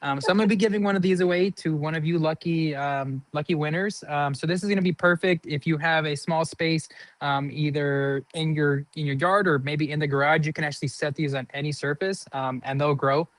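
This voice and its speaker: A man appearing as a guest on a live gardening stream, talking in a relaxed way with many fillers. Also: a little high, a little fast, no echo. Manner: easygoing, filler-heavy promo talk. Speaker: guest from a garden products company.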